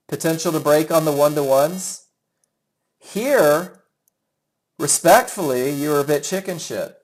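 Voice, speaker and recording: A man's voice: fairly high pitch, low-quality recording. A middle-aged man teaching a live trading webinar, chatty and enthusiastic, calling students by name as he reviews their trades. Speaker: trading instructor.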